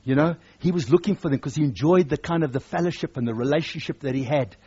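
A male preacher with a high, husky, mellow voice delivers a sermon at a quick pace, emphatic and circling back to repeat his key lines. The recording sounds dull and lo-fi.

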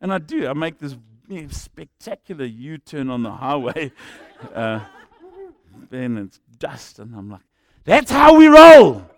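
A man's voice: medium pitch, measured pace, vocal fry, no room sound. A man with a South African accent preaching a sermon as a jokey storyteller who acts out the people in his stories.

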